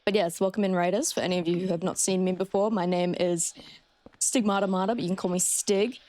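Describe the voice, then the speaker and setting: A woman's voice: fairly low pitch, fairly even intonation, fast talker, warm tone. Chatty Australian woman streaming a game. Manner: chatty, swears freely, talks to chat. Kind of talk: casual live-stream gameplay commentary.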